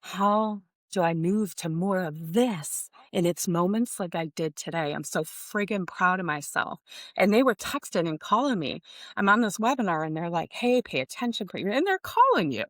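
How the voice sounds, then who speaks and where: Middle-aged female host, lowish pitch, dry close sound, effusive and rambling. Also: lively intonation, normal speed, no echo. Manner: emotional, effusive, addresses listeners as "you guys"; rambling with many "like" fillers and restarts. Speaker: podcast host. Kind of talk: casual personal monologue.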